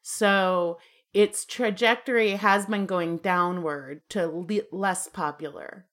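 A woman co-hosting a podcast in casual chat, reading facts off in a plain, steady list. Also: lowish voice, takes it slowly. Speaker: podcast co-host.

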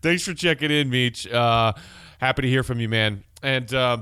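A man hosting a solo sports podcast, chatting casually and excitably and reading listener texts aloud. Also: medium pitch, moderate pace, smooth, dry recording. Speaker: podcast host.

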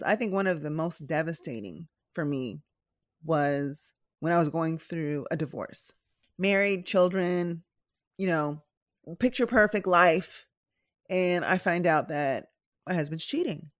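A woman's voice: low voice, no echo, studio quality. A middle-aged woman hosting a podcast, talking candidly and directly to her listeners in a chatty personal style. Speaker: podcast host and nurse.

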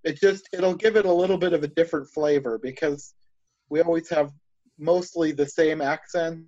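A man's voice: on the high side, steady tone, moderate pace, darkish tone, dry recording. A man in casual chat, enthusiastic and rambling, thinking aloud as he talks. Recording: dull lo-fi dry sound.

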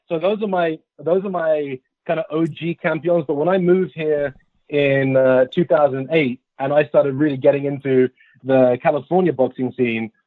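A man's voice: mid-range voice, no echo. A man from England with a West London received pronunciation accent, chatting playfully as a podcast guest and poking fun at himself. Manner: playful, self-mocking rambling. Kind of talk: casual podcast chat. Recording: tinny phone-like line.

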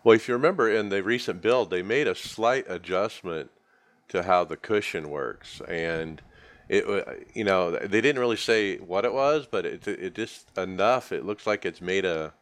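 A man hosting a sim racing podcast in a relaxed, casual way, handing topics off to his co-hosts. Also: low voice, moderate pace. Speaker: podcast host.

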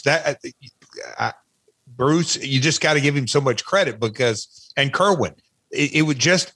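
A man's voice: medium pitch, a bit bright, husky, dry recording. A man in his fifties with a Tennessee accent, chatting as a guest on a podcast, rambling and self-mocking with many restarts. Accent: Southern US, Tennessee. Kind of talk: casual podcast chat.

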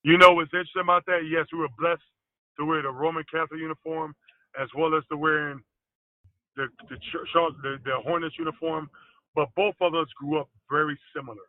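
High-voiced man on a tinny phone line. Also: fairly quick, dry recording. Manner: animated storyteller, loose grammar. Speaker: guest, former pro basketball player. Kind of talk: casual interview storytelling.

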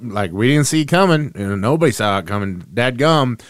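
A man's voice: medium pitch, expressive, fairly quick, dry recording, studio quality, close to an everyday voice. A man voicing an exasperated Southern college football insider in a mock-folksy Southern drawl. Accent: Southern US (put on).

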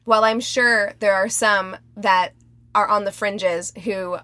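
A woman's voice: mid-range voice, steady tone, slow pace, pushed and bright, dry recording. A woman co-hosting a podcast in casual chat, talking bluntly and swearing freely. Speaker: podcast co-host.

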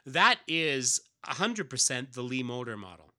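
A man's voice: mid-range voice, big pitch swings, moderate pace, pushed and bright. A man co-hosting a comics podcast, chatting casually and enthusiastically. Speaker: podcast co-host. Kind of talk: casual chat.

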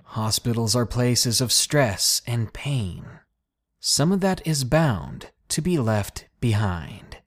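A man hosting a podcast, narrating a scary first-person story in a hushed, suspenseful way. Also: mid-range voice, expressive, slow. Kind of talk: scripted horror story narration.

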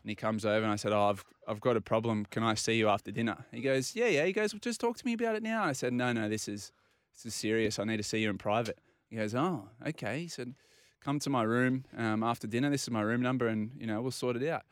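An Australian man telling a long, animated anecdote on a casual talk show and acting out the other people's lines. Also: on the low side, quick pace, smooth, no echo. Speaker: regular guest. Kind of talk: casual storytelling.

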